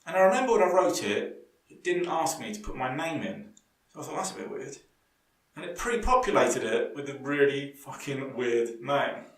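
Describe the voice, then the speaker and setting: A young man, a podcast co-host, telling a rambling story in casual chat with halting restarts. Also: mid-range voice, big pitch swings. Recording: echoey room, far from mic.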